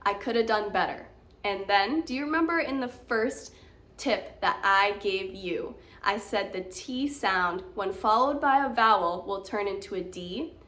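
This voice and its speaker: An American woman coaching the accent, encouraging and clear as she walks learners through examples. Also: medium pitch, expressive, a little slow, bright, forceful tone. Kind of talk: teaching lesson to camera.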